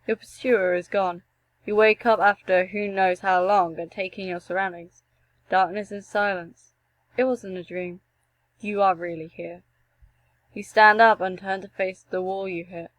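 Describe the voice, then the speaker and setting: A young woman reading a text adventure game aloud and breaking off for joking, animated asides and the odd swear. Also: mid-range voice, unhurried, poor audio. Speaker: gameplay streamer.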